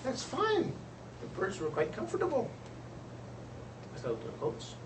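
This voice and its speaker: A man telling a traditional folk tale aloud in an expressive storyteller's manner. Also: extremely high pitch, measured pace, background noise. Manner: expressive, lively voices for characters. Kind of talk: oral storytelling. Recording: roomy, distant, faint ambience.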